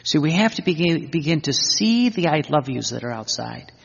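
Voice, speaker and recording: A man's voice: fairly high pitch, sing-song, moderate pace, creaky, slightly rough, long reverb tail, lo-fi sound. A man teaching in an earnest sermon style, repeating phrases and quoting scripture. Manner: earnest, repetitive, quotes scripture. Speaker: religious teacher.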